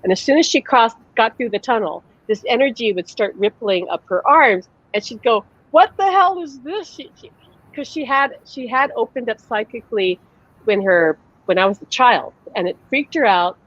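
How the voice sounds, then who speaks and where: A woman's voice: on the high side, normal speed, lo-fi sound. A woman, a psychic medium hosting a live online chat, tells personal stories casually, acting out the voices she quotes and using lots of "like" fillers. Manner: chatty, acts out quoted voices, many "like" fillers. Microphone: video call.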